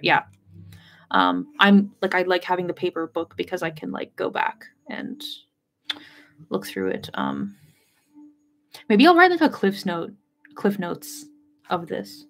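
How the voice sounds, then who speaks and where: A woman's voice: fairly low pitch, big pitch swings, measured pace, creaky, long pauses. A woman hosting a casual livestream book discussion, rambling and chatty, full of filler words and casual swearing. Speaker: host of a book discussion channel.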